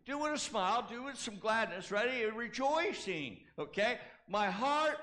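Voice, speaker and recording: A man's voice: very high voice, expressive, normal speed, hardly any pauses, sharp tone. A male pastor preaching a sermon, leading the congregation in call-and-response and repeating key phrases for emphasis, with casual asides. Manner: casual asides and self-corrections.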